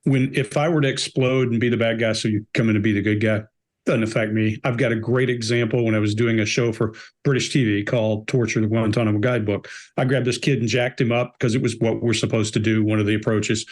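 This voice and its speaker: A man's voice: lowish voice, fairly even intonation, quick pace. A middle-aged man on a body language panel, talking bluntly and emphatically, driving his points home by repeating them. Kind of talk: casual panel discussion.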